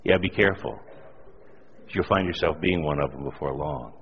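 A middle-aged man preaching a sermon, telling a personal story with animated, self-deprecating humor. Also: extremely low pitch, normal speed, slight background noise. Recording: dull lo-fi audio in a reverberant hall.

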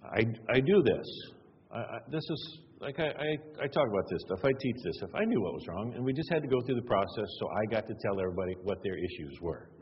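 This sermon comes from a middle-aged man whose fairly low voice swings widely in pitch as he talks fast, over a faint hiss or hum. Conversational and self-mocking, he shares family stories and keeps repeating words to stress them. The sound is dull and carries a long reverb like a hall.

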